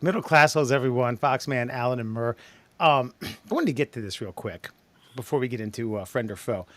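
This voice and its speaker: A man hosting a podcast in casual, profane chat, laughing quickly and restarting his sentences. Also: mid-range voice, a bit bright, dry recording. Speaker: podcast host.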